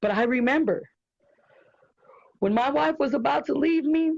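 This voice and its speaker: A woman's voice: high-pitched, moderate pace, creaky, a little mellow. A woman as an interview guest, giving an earnest, heartfelt personal testimony with repeated phrases. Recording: dull lo-fi sound.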